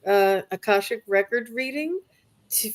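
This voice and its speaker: A woman hosting a spiritual livestream, soft-spoken and gushing as she thanks her viewers. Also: mid-range voice, lively intonation, a little slow. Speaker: livestream host. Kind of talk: live stream chat.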